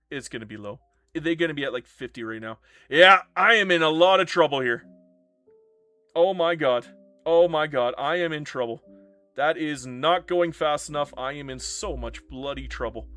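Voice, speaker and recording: A man's voice: mid-range voice, pushed and bright. A man streaming live gameplay commentary, dramatic and self-mocking, swearing freely. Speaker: game streamer.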